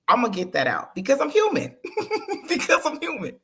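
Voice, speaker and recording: A woman appears as a guest on a live-streamed interview, an entertainer and producer speaking candidly and with animation, laughing easily. Her medium-pitched voice is sing-song, slightly fast, a bit bright and husky.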